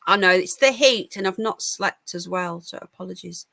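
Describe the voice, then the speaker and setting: Tired uk woman doing a home news livestream, bright voice, dry close sound, opinionated and chatty. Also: on the low side, moderate pace, vocal fry, few pauses, no room sound. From United Kingdom. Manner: chatty, opinionated, reacting to chat comments. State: tired, yawning. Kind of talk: casual live-stream commentary.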